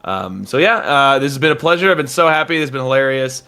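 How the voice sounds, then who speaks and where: A man on a livestream chat who gets excitable, stammers and giggles a lot. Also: mid-range voice, fast talker, smooth. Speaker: guest.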